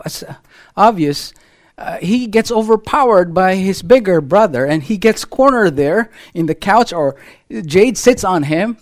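A middle-aged male pastor preaching a sermon to his church, animated and full of rhetorical questions to the congregation. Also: high voice. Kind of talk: sermon with a children's illustration.

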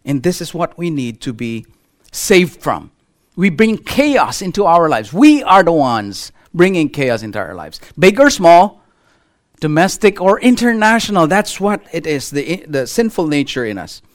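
Middle-aged guy pastor giving a sermon, high voice that jumps all over, keeps asking the crowd questions. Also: measured pace. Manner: animated, asks the congregation rhetorical questions. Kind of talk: sermon with a children's illustration.

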